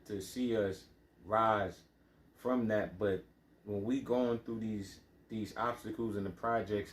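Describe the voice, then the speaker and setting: A man's voice: lowish voice, roomy sound. A man from the Bronx with a New York accent, telling his life story in a loose, rambling way with lots of fillers. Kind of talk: casual monologue.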